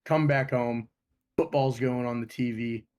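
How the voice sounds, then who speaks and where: A young man from Ohio swaps stories on a podcast in relaxed, casual chat. He swears freely and tells his stories with lots of energy. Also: mid-range voice, measured pace. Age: young adult. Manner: profane, animated storytelling. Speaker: podcast co-host.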